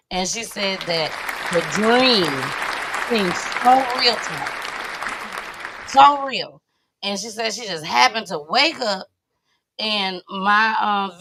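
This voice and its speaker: A woman hosts a live show, chatting casually and greeting her viewers as she tells a story. Her voice is fairly low with a gravelly fry, yet bright and forward. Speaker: host of a live online show. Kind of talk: casual livestream chat.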